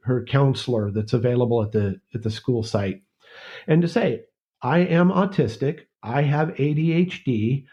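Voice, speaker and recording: A man's voice: medium pitch, mellow, lo-fi sound. A man, a university lecturer, speaks as a guest in a conversational podcast interview, thoughtful and often restarting words.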